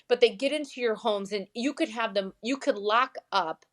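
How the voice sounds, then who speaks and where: A woman with a higher-pitched voice speaks at a moderate pace as a guest in a casual interview. She runs a glamping site in Michigan and keeps restarting as she tells her stories.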